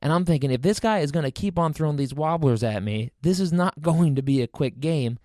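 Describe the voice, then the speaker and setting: A man hosting a podcast, telling a comic personal story in an animated, incredulous, self-mocking way. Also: fairly high pitch, fairly quick, no room sound, studio quality. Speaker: podcast host.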